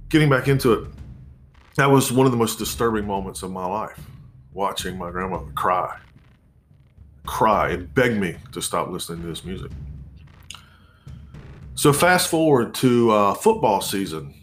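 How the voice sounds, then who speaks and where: A man in his forties telling a personal story in a measured, reflective way, pausing and restarting as he goes. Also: lowish voice, lively intonation, faint music behind.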